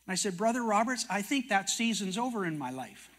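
Older Canadian man preaching to a room, high and bright voice, folksy storyteller with quoted dialogue. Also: sing-song, brisk. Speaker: prophecy teacher and TV host. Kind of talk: sermon-style storytelling talk.

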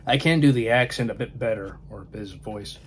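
A man's voice: fairly low pitch, normal speed, a little hiss or hum. A man chatting casually about films, rambling and often trailing off to a murmur. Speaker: film vlogger. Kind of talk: casual film chat.

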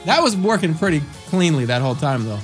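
A man's voice: a little high, big pitch swings, fast talker, soft background music. A man in his thirties streaming from home, reading out chat answers and joking through a quiz game. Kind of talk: casual livestream commentary.

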